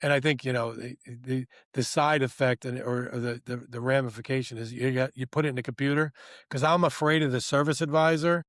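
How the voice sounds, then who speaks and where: A man's voice: medium pitch, steady tone, brisk, fairly bright tone, no echo, clean studio sound. A man co-hosting a podcast, telling a work story in a rambling, casual way and acting out the people he quotes. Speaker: podcast co-host. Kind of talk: casual anecdotal chat.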